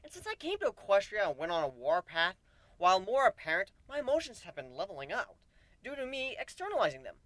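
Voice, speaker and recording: A man giving a dramatic first-person reading of a story, swinging from deadpan asides to animated outbursts. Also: high-pitched, fast, no room sound. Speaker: narrator.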